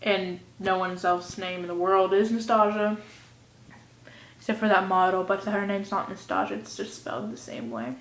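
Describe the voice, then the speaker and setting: A teenage girl vlogging casually, rambling in a goofy way and swinging between mumbles and loud outbursts, recorded on a phone or webcam at home. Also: mid-range voice, moderate pace. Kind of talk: casual vlog rant. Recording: echoey room.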